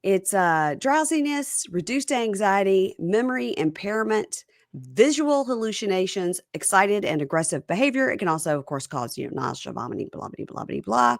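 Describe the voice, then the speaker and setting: A woman hosting a casual reality TV recap, talking with a very lively, swooping pitch. She retells scenes with plenty of energy. The sound is dry, with no room around it. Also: normal speed, dry recording. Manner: lively, acts out quotes in a higher voice. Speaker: podcast host.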